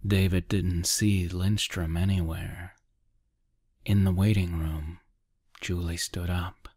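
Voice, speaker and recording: A man narrating a dark short story as a soft, half-whispered ASMR reading close to the mic. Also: sits low, level tone, no echo. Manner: quiet, half-whispered, measured.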